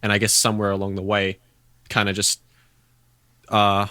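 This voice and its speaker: A man's voice: lowish voice, completely flat delivery, normal speed, sharp tone, no room sound, clean studio sound. A man with a New Zealand accent, chatting casually as a podcast guest in a laid-back, rambling way. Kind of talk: casual chat.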